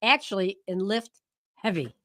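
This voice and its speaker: A middle-aged woman in a casual chat, encouraging and quick with short affirmations. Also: mid-range voice, expressive, pushed and bright, no room sound, clean studio sound. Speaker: podcast co-host.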